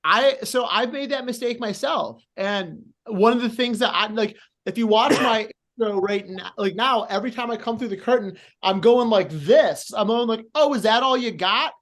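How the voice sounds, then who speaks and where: Rambling young wrestler asking questions. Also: male voice, sits high, normal speed, few pauses, fairly bright tone. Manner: rambling, many fillers and restarts, eager and apologetic. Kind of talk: casual interview questions.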